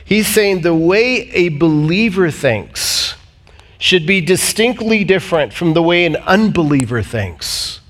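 Animated preaching man, slightly high voice. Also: a little slow. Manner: animated preaching, swinging from loud emphatic highs to low quiet reading. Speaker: pastor. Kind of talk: sermon.

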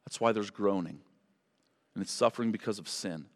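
In a reverberant church sanctuary, a man with a fairly low voice wraps up a sermon and moves into prayer at a moderate pace. As pastor he pleads earnestly, sometimes tripping over words and correcting himself.

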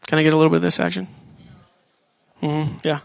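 A man's voice: a little high, flat delivery, fast, creaky, dry recording. A man preaching as a student pastor in a casual, slangy style, often acting out what people in the story say. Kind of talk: sermon.

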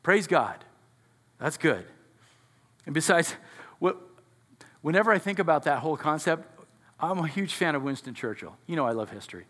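A man with a high, bright voice preaches a sermon in a church sanctuary. He talks to his congregation conversationally and keeps checking in with questions. His voice rings out with a long reverb from the hall. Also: animated, moderate pace, long pauses. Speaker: pastor.

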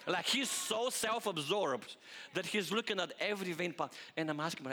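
A male pastor preaching a sermon, animated and full of rhetorical questions aimed at the congregation. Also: sits high, normal speed, in a large hall.

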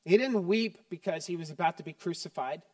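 A middle-aged male pastor with a high voice delivers a sermon in a chatty, joking way that turns quiet and earnest. The sound is dry, picked up from a mic set some distance away. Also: a little fast, no room sound.

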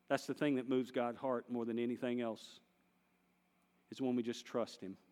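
A man preaching a sermon, swinging between hushed and loud passages. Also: mid-range voice, long reverb tail. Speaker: pastor.

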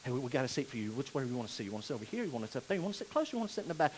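A preacher voicing an eager, fawning male church greeter who talks in a low, excited hush. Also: quick pace, a little hiss or hum, rough recording.

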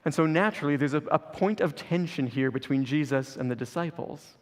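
A man's voice: on the high side, fairly quick, in a large hall. A man preaching a sermon as pastor, earnest and building through repeated phrases.

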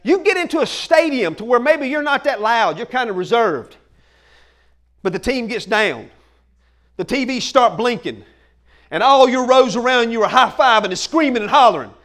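High-voiced excitable pastor. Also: male voice, moderate pace. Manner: excitable, shouting bursts, folksy "man" fillers. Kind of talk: energetic sermon.

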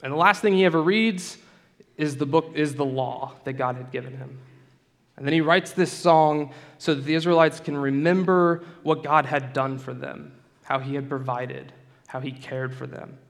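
A man preaching a sermon in a relaxed, conversational storytelling way, with casual asides to the room. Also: on the high side, moderate pace, creaky, big-room sound.

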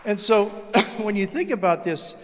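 A high-pitched older man delivering a testimony sermon, lively and storytelling, acting out the voices in his tale. His voice rings with a long reverb, as if heard in a large church sanctuary. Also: a little slow. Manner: animated storytelling, acts out quoted dialogue. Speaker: guest speaker.

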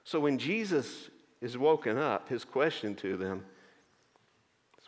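A man's voice: medium pitch, animated. Man preaching in an echoing church. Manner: earnest, explaining scripture with many pauses. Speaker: pastor. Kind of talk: sermon. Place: church sanctuary. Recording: long church reverb.

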